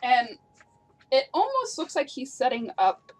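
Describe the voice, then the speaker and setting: A woman's voice: sits high, sing-song, measured pace. A woman narrating as game master of a tabletop game, describing scenes and laughing along with her players.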